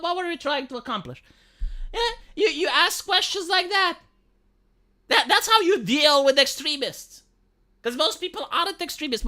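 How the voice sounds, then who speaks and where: A woman's voice: high voice, sharp tone. A woman from Romania giving casual livestream commentary, rambling with many restarts and some swearing. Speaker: live streamer.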